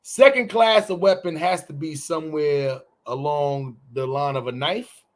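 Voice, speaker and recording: A man co-hosting a casual morning podcast, talking in an animated, profane way and swinging his voice around when he acts out quotes. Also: on the high side, measured pace. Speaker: podcast co-host. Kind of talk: casual morning show banter.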